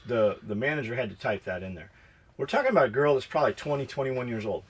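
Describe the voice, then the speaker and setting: A man from the United States tells a story on his podcast in casual, swear-filled chat. He gets animated and acts out both sides of each exchange. His pitch sits in the ordinary middle range for a man. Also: fast talker, husky. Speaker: podcast co-host.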